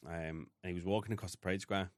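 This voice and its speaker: Deep-voiced British man telling a hard story. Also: steady tone, fast talker, dry recording, studio quality. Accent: British English. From United Kingdom. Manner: blunt, heavy swearing, emotional retelling. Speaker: podcast guest. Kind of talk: candid storytelling.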